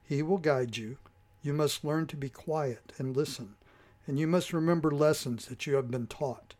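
A man voicing a calm, wise male Emberok guide in a storybook reading, speaking slowly and gravely. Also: fairly high pitch, lightly acted. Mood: solemn. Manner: slow, grave and measured.

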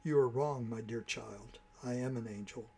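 A man reading a storybook and voicing a cunning male false angel who speaks softly and slowly in a coaxing tone. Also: medium pitch, breathy edge.

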